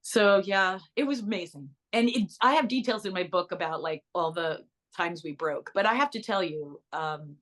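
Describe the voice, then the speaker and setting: Middle-aged actress gabbing away in an interview, bubbly, lots of little asides. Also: female voice, fairly low pitch, a bit bright. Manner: bubbly, storytelling with quick asides and laughs. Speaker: actress and author. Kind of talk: casual interview chat.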